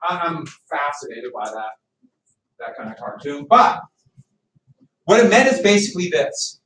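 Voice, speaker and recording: A man's voice: a little high, sing-song, measured pace, a bit bright. A male history teacher lecturing a class in a chatty, teasing way. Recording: echoey classroom from far off, faint noise.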